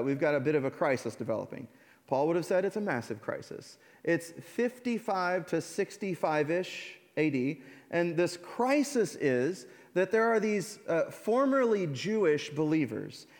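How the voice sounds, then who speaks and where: A man preaching a sermon as pastor, telling stories with lively acted-out voices. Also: high voice, in a large hall. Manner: animated storytelling, acts out voices in anecdotes. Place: church sanctuary.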